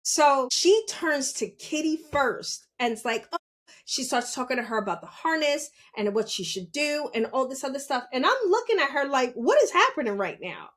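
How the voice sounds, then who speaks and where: High-voiced woman ranting bluntly. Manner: animated, blunt, swears, asks rhetorical questions. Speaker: podcast host. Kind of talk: casual storytelling rant.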